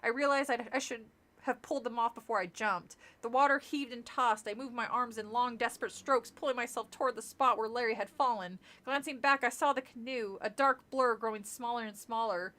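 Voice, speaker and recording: A woman with a fairly high, bright voice reads a spooky children's book aloud on a casual stream. She laughs often, trips over words and corrects herself, and wanders into chatty asides before returning to the story. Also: a little fast. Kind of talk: casual live-stream read-through with tangents.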